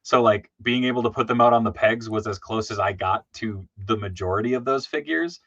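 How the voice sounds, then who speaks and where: Low-voiced man on a dull lo-fi line. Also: fairly quick, a bit bright, no room sound. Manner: loose and casual, swears. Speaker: host. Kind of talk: casual chat. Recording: dull lo-fi sound.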